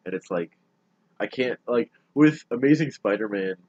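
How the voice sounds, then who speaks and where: A man's voice: on the low side, expressive, normal speed, a little mellow, dry recording. A young man in casual podcast chat, rambling and full of "like", on a close mic with dull, lo-fi sound. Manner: rambling, heavy use of "like". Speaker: podcast co-host.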